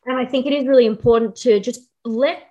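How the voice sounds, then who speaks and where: A woman's voice: a little high, steady tone, a little fast, dull audio. A young woman hosting a podcast, a fitness coach talking candidly and reassuringly, with plenty of swearing. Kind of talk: casual podcast chat.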